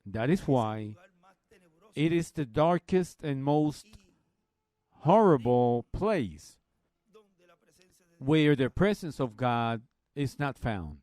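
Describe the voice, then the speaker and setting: A man preaching a Bible study, slowly retelling a story and quoting others in a plain, folksy way. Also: mid-range voice, big pitch swings, a little mellow, no echo.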